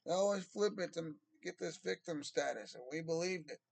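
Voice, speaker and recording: A young man delivering a heated, rambling monologue, agitated and at times bursting into shouts. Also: a little high, normal speed, gravelly, no room sound, rough recording.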